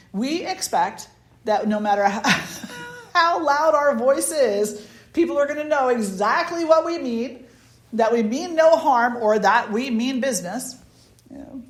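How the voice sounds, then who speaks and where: Speaking in a mid-range voice amid roomy echo, a woman leads a satsang as a spiritual teacher. Her informal talk is lively and chatty, packed with anecdotes, frequent laughter and restarted sentences.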